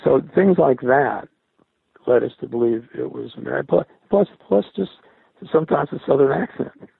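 An older man, a former military radio linguist, recalling his service in a halting interview style, often repeating and restarting words. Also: medium pitch, lively intonation, vocal fry, husky, dry recording. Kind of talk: recollecting in an interview. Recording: dry, tinny phone-like sound.

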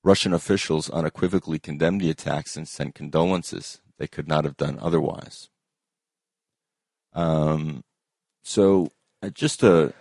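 Very deep-voiced hesitant man. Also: vocal fry, a little mellow, no room sound, studio quality. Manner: hesitant, many ums and uhs. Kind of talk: casual commentary.

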